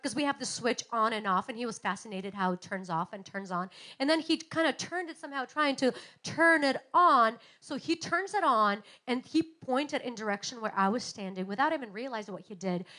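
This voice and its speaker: A woman in her thirties preaching a sermon, telling stories and acting out quotes with big swings in loudness. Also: high voice, fairly quick. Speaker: pastor.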